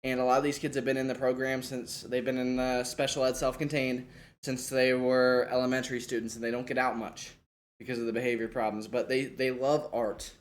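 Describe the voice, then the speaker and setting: A man's voice: medium pitch, little pitch movement, fairly quick. A young man, a first-year special education teacher, casually walking through a lesson plan with many fillers and restarts.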